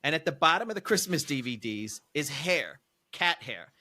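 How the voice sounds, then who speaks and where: A man casually telling a long story on a podcast, animated and profane, his voice jumping high when he's incredulous. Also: normal speed. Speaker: podcast co-host.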